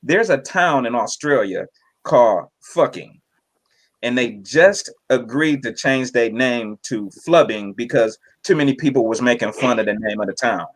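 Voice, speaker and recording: A young man performing a crude, animated stand-up comedy set, often laughing at his own jokes. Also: mid-range voice, normal speed.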